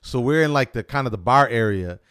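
A man hosting a casual podcast, telling stories in an animated, slangy way. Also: mid-range voice, a little fast, clear, resonant tone, no room sound, studio quality. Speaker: podcast host. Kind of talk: casual podcast chat and storytelling.

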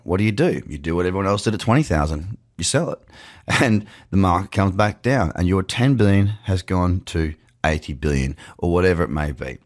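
A man with an Australian accent hosting a casual, chatty market commentary podcast from his office, with playful asides. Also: deep voice. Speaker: podcast host. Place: home office. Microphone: webcam setup.

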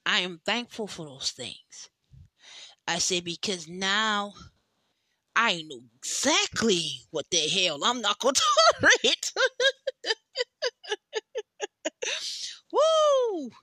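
Woman doing a podcast monologue, slow and heartfelt, bright voice, dry close mic. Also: lowish voice, dry recording. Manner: emotional, heartfelt, speaks straight to listeners; slow and drawn out, with long pauses. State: tearful, overwhelmed. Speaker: podcast host. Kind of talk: personal monologue.

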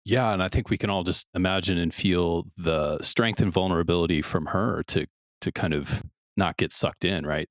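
A man's voice: low-pitched, fairly bright tone, dry recording, studio quality. A man hosting a podcast interview, speaking reflectively and often checking in with his guest. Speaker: podcast host. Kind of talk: casual interview chat.

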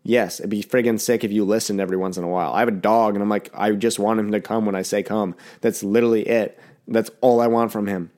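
Slightly under the weather, this young solo podcast host talks fast and rambles, blunt and profane throughout. His lowish voice is darkish and holds a steady tone.

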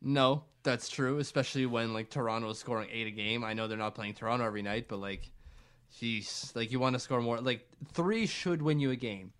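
Young man, casual sports chat, rambling, jokey, middle-pitched voice. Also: brisk, fairly bright tone, clean tone. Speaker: podcast co-host.

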